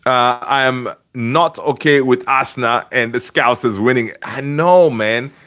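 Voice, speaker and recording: A man's voice: medium pitch, unhurried, fairly bright tone. A man hosting a casual football fan livestream from home, chatty and rambling, greeting viewers and answering the chat. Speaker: fan channel host. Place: home room.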